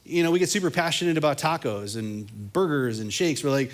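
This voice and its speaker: A young man preaching a casual, energetic sermon to students, talking conversationally. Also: fairly high pitch, fairly quick, hardly any pauses. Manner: animated, conversational, acts out quotes. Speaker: youth pastor.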